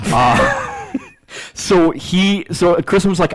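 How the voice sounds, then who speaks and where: A man co-hosting a podcast, telling stories in fast, swearing casual chat. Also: sits high, huge pitch swings. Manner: fast, profane storytelling. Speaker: podcast co-host.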